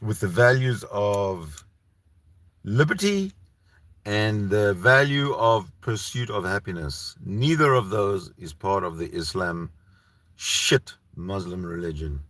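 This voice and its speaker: Ranting man with a lively, bright voice. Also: on the low side, slow, no echo. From Canada. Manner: heated, ranting, profane, with frequent restarts. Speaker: solo channel host. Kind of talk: rambling solo livestream talk.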